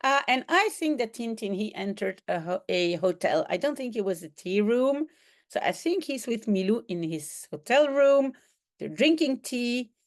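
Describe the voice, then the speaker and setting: A woman teaching a French lesson by reading a comic aloud, translating as she goes, with sound effects and acted lines. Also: on the high side. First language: Dutch. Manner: slow, animated reading with sound effects and quoted voices. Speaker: language teacher.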